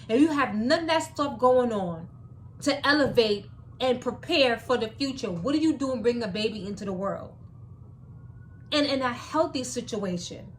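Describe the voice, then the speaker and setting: A woman's voice: on the high side, normal speed, a little hiss or hum. A woman giving opinionated commentary in a vlog, preachy and repeating her points for emphasis. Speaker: commentary vlogger.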